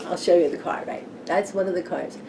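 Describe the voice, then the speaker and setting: A woman's voice: fairly low pitch, brisk, warm tone, a little hiss or hum. Chatty, giggly woman vlogging about tarot. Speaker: tarot channel host. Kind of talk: casual vlog chat. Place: home room with a fan running.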